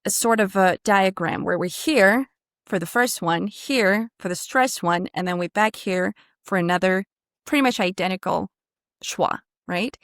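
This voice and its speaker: A woman coaching pronunciation on a video call, demonstrating sounds and drifting into vocal fry at phrase ends. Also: mid-range voice, fairly bright tone, no room sound, studio quality. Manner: encouraging, demonstrative, drills sounds. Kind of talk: online one-on-one pronunciation lesson.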